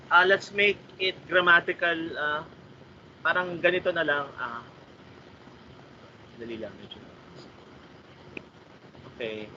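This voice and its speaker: A man's voice: sits high, sharp tone. A man with a Filipino accent, a writing workshop trainer giving polite feedback over a video call, switching between English and Tagalog. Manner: polite, mixes English and Tagalog, reads sentences aloud slowly. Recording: slightly muffled call audio with faint noise.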